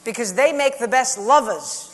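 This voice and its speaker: High-voiced woman doing stand-up. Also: animated, normal speed, long reverb tail, a little hiss or hum. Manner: punchy, wry delivery with dry asides. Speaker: stand-up comedian. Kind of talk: stand-up comedy set.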